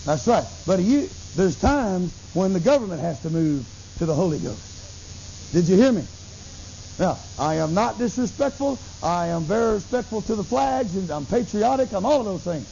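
A middle-aged man preaching a sermon, telling a story with lively acted-out dialogue. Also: high voice, moderate pace, creaky. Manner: animated storytelling, acts out dialogue, bursts into tongues. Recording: dull lo-fi recording with faint hiss.

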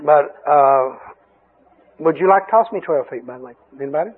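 A man preaching a sermon, telling folksy stories with frequent chuckles, in a husky voice. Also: fairly high pitch, brisk. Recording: tinny lo-fi radio broadcast.

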